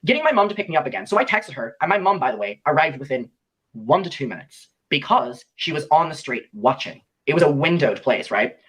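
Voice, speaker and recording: A man's voice: fairly high pitch, very animated, a little fast, a bit bright, husky. A young man recounting a personal story in a played clip, animatedly acting out the lines of the people he quotes.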